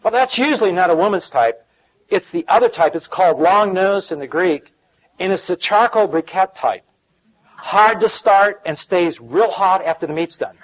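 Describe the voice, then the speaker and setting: Lively man preaching a folksy sermon. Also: sits high, lo-fi sound. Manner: folksy preaching with asides and chuckles. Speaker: pastor.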